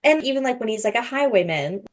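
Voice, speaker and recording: A woman's voice: fairly high pitch, expressive, quick pace. A woman co-hosting a book podcast, gushing and playful in casual chat. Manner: gushing, playful, frequent "like" fillers.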